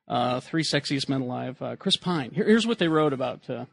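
A man's voice: medium pitch, expressive, moderate pace, vocal fry. A man hosting a casual comedy podcast, leading the segments and wryly reading items aloud. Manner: wry, leads the segments and reads items aloud. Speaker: podcast host.

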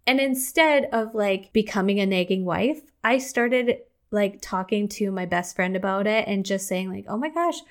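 A young woman hosting her own podcast, talking candidly and chattily, now and then acting out her own outbursts in a higher voice. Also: moderate pace, few pauses. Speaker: podcast host. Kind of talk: casual solo podcast talk.

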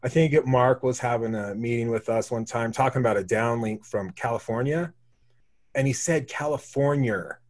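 A man's voice: mid-range voice, moderate pace. Chatty man with a Wyoming drawl. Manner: storytelling, animated impressions of others. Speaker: podcast host, former news station worker. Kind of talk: casual chat.

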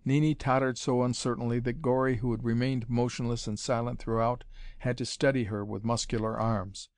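A man reading an adventure story aloud as narrator, in a measured, dramatic manner. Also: medium pitch, little pitch movement, a little mellow, no room sound, clean studio sound. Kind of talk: audiobook reading of pulp adventure fiction.

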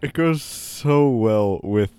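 A man's voice: mid-range voice, slow pace, clear, resonant tone, dry recording, studio quality. A man co-hosting a podcast, chatting casually and reacting to clips with a lot of swearing and laughter. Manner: profane, animated, laughs a lot. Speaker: podcast co-host.

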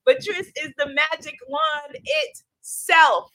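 A woman hosting a playful live stream, animated and quick to laugh and get emotional. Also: high-pitched, no echo, low-quality recording. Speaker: livestream host.

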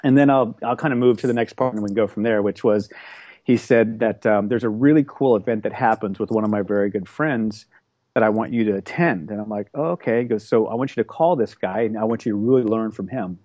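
A man's voice: on the low side, brisk, darkish tone, no room sound, muffled recording. A man in his forties, an interview guest telling a long story in a casual, rambling way with many fillers and restarts. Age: 40s.

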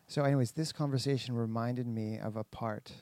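A man's voice: mid-range voice, steady tone, a little fast, a little mellow, no echo. A man chatting casually on a podcast, telling a rambling story with lots of fillers and restarts. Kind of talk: casual chat.

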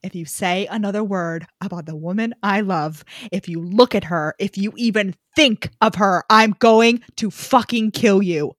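A woman's voice: mid-range voice, normal speed, few pauses, no echo, clean studio sound, close to an everyday voice. Woman playing a menacing romance-novel hero. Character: furious possessive male romance hero.

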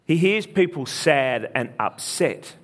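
A man's voice: on the high side, lively intonation, takes it slowly. A man preacher retelling a story in a sermon, speaking earnestly, repeating phrases and restarting often. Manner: earnest, repetitive, frequent restarts.

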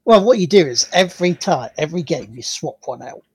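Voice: medium pitch, animated, fairly quick, slightly rough, no echo. A podcast co-host chatting casually, tossing in joking asides. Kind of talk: casual chat.

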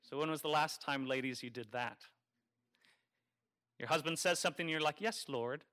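A man preaching a homily in a conversational, wry way, teasing his listeners and slowing down to stress key phrases. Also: fairly high pitch, pushed and bright. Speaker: Catholic priest. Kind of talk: sermon.

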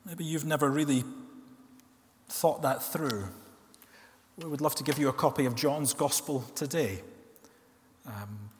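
A man preaching a sermon in a church, earnest, asking rhetorical questions and slowing down to stress key words. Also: fairly high pitch. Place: church hall. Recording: long reverb of a church hall.

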